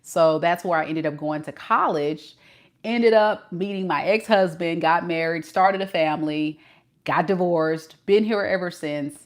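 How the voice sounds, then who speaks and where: Laughing often, a forties-aged tarot reader chats casually with her live-stream audience. Her voice runs on the low side and a little slow, carrying a Southern California accent touched with a light Mississippi twang.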